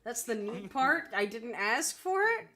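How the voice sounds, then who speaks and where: Woman streamer, exasperated and stammery, unhurried, high and bright. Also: very animated. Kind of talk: casual chat on a call.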